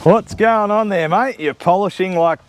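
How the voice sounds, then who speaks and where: A man's voice: high-pitched, normal speed. A man with an Australian accent, chatting and joking casually while working on a car in his shed. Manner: jokey, teasing, chatty. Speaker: channel host. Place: home shed workshop.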